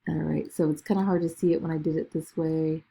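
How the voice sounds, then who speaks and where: Low, gravelly woman walking through software. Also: fairly even intonation, quick pace. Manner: chatty, talks through each click, fillers like okay and all right. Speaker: business video tutor. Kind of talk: screen-recorded software tutorial.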